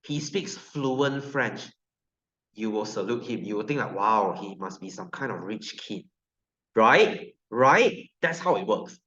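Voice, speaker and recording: A man's voice: on the low side, lively intonation, unhurried, pushed and bright. A male science teacher with a Malaysian English accent giving a classroom lecture, joking and constantly quizzing his students. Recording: roomy, dull sound.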